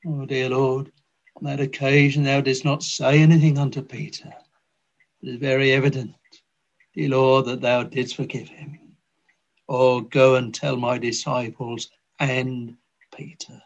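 Slow, fervent man praying aloud. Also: mid-range voice, little pitch movement, vocal fry. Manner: slow, fervent, old-fashioned King James phrasing. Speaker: minister leading prayer. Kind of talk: extemporaneous congregational prayer. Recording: dull lo-fi old recording.

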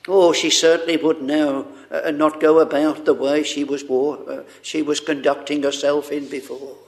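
A man preaching a sermon, speaking haltingly with many fillers and fervent exclamations. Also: fairly high pitch, flat delivery.

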